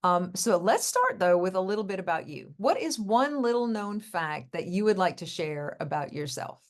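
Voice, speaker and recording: A woman hosting an interview with a children's author. She reads her introduction smoothly and in an upbeat way. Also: medium pitch, expressive, normal speed. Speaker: podcast host interviewing an author. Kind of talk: friendly interview, scripted introduction.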